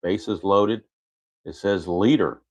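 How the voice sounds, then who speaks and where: A man's voice: low-pitched, takes it slowly. A man narrating his tabletop baseball game replay in a casual play-by-play, methodically reading out dice rolls and chart results and correcting himself as he goes.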